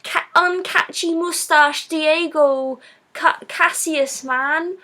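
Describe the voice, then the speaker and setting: A woman's voice: sits high, fairly even intonation, takes it slowly, bright, forceful tone. A woman hosting a live stream, giving a blunt, sarcastic, casual film review.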